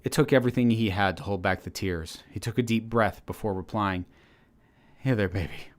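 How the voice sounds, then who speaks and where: A man narrating a story aloud in a steady, measured reading manner. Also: fairly low pitch. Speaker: channel host reading his story. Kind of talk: audiobook-style story narration.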